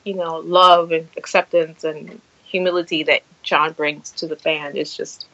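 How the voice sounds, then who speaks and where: A middle-aged woman hosting a casual podcast chat, telling stories with lively acted-out quotes. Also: sits low, measured pace, no room sound, lo-fi sound. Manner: animated storyteller, acts out quotes. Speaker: podcast host.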